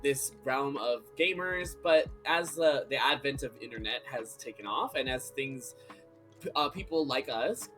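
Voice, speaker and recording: A man's voice: medium pitch, unhurried, a bit bright, faint music behind. Thoughtful man, hesitant speech. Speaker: round table guest. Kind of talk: casual chat.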